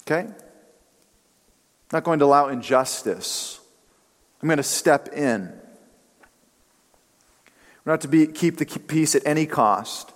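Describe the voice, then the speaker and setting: A man preaching in a church, his voice fairly high for a man. He moves between calm teaching and casual storytelling, loose with fillers. A long reverb from the hall trails each phrase. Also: takes it slowly, long pauses. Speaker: pastor. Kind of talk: sermon.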